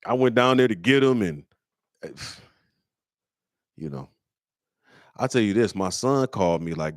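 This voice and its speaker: A middle-aged man from Michigan hosting a comedy call-in show. He tells stories in casual slang, acts out the people he quotes in a higher voice, and turns blunt and preachy. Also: expressive, a little slow, pauses often, no room sound, clean studio sound. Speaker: comedian host answering listener questions. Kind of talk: casual storytelling chat.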